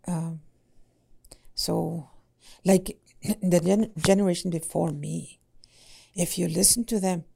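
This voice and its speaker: A woman language teacher in casual podcast talk, speaking haltingly with many fillers and "eh?" tags. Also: fairly low pitch, fairly even intonation, gravelly, mellow, husky.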